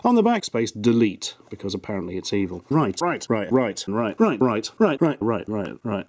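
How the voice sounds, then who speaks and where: A man's voice: lowish voice, big pitch swings, normal speed, few pauses, a little mellow, dry recording. A man reviewing gadgets in a sarcastic, mock-enthusiastic comedic way. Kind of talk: comedic product review, chopped into a remix.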